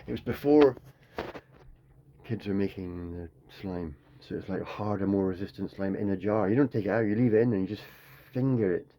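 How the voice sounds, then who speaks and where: A man's voice: fairly low pitch, normal speed, muffled recording. A man in a rambling, free-associating comic monologue that jumps playfully between tangents. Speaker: comedian.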